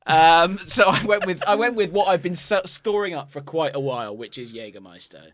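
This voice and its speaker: Pria Inggris yang bercerita datar dan sinis. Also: male voice, fairly high pitch, lively intonation, moderate pace, a bit bright, a little hiss or hum. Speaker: podcast co-host. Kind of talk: casual comedic chat.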